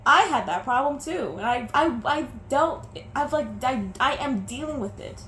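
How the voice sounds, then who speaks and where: A woman's voice: sits high, animated, normal speed, a bit bright. A young woman vlogging about her breakup, emotional and teary, stumbling and restarting as she talks. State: teary, sniffling. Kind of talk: personal vlog about a breakup. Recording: echoey room with faint background noise.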